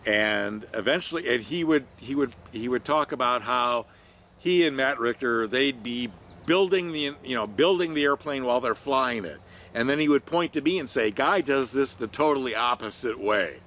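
A man's voice: mid-range voice, animated, normal speed, fairly bright tone, slight background noise. An older man who works as a training consultant, telling stories about his career in a rambling, conversational way with many fillers. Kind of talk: reflective talk to camera.

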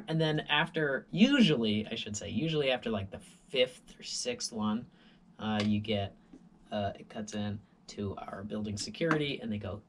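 A man's voice: lowish voice, moderate pace, fairly bright tone, slight background noise. A tired man vlogger telling a rambling story in a casual monologue, full of voices and sound effects.

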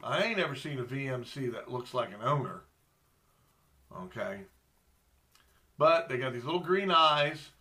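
Folksy middle-aged fishing captain, unhurried and bright-toned, rambling show-and-tell to camera. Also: male voice, mid-range voice, animated. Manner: rambling, folksy, talks straight to viewers. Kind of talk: casual show-and-tell vlog.

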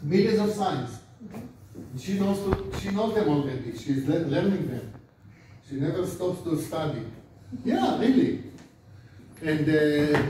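Older Israeli rabbi lecturing in an echoey room. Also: male voice, high voice, a little mellow. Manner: chatty, asks the class questions, repeats words for drill. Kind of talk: informal classroom lecture. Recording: echoey lecture room, mic far off, faint noise.

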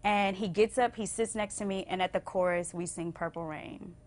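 A young adult woman singer telling stories as a TV interview guest, acting out quotes with big swings and going hushed when moved. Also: moderate pace. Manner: expressive, acts out quotes with big pitch swings. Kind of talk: animated storytelling in a TV interview. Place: TV station interview.

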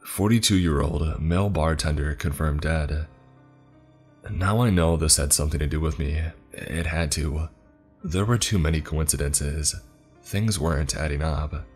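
A man narrating a horror story in the first person, measured and somber. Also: a bass voice, breathy edge, soft background music.

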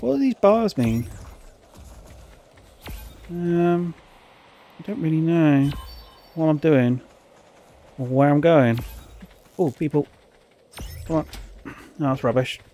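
A man giving excitable, rambling gameplay commentary, full of fillers and urgent chanting. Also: medium pitch. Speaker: gaming YouTuber.

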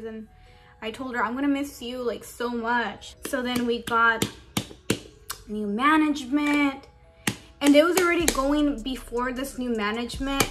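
A young woman with a slightly high voice talks casually about her old job, saying "like" over and over. She is emotional and on the verge of tears as she vents. Faint music plays softly underneath. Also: unhurried. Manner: emotional, holding back tears; casual, says "like" a lot. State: tearful. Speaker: beauty vlogger. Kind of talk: get-ready-with-me storytime.

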